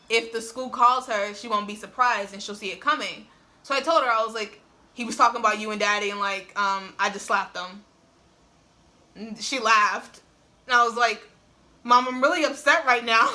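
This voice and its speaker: A young woman with a fairly high, bright and forceful voice chats through a personal story for her casual vlog. She uses "like" constantly and laughs often, captured on a phone camera on a tripod; she is a young adult vlogger.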